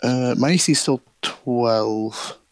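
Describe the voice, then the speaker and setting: A man playing a tabletop game in casual chat, unsure of himself and fumbling with the software. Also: medium pitch, slow pace, no echo. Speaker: player.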